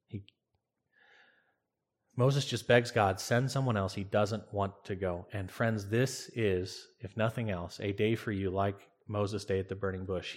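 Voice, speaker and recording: A male pastor preaching an earnest sermon who acts out quoted dialogue as he goes. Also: fairly low pitch.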